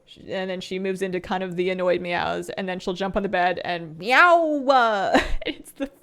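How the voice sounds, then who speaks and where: A young adult woman streaming a game, chatting casually and rambling, often laughing and trailing off into soft mumbles. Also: on the low side, moderate pace. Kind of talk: casual chat while gaming.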